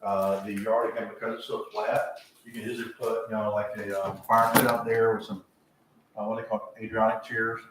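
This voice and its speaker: A man's voice: fairly low pitch, level tone, a little fast. A man from Georgia with a Southern accent, chatting casually and telling jokes while hosting a live home tour. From Georgia, USA. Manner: chatty, joking storyteller. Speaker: real estate agent hosting a live tour. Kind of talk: casual live-stream chat. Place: inside a house on tour. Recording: echoey room with faint noise.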